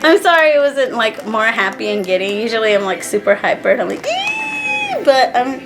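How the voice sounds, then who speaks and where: A woman's voice: fairly high pitch, a little fast, a bit bright, a faint crowd, poor audio. Sad, rambling woman vlogger. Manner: rambling, emotional, with many fillers and restarts. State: sad and stressed. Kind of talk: casual chat to camera.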